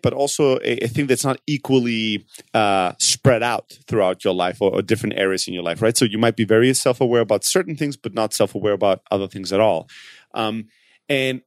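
Halting, animated man on a podcast. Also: mid-range voice, no echo, studio quality. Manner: halting, many restarts, bursts of animated retelling. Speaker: podcast co-host. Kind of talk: casual conversation.

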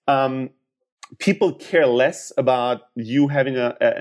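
As a podcast guest, a man with a mid-range, slightly mellow voice offers sales advice in a casual interview. He walks through things step by step, checking in with little tag questions.

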